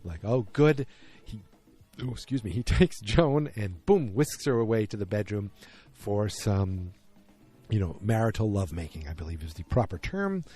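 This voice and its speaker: Rambling man with a warm, low voice. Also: very animated, moderate pace, husky, faint music behind. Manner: rambling, many fillers and restarts. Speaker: podcast host. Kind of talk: casual solo episode recap.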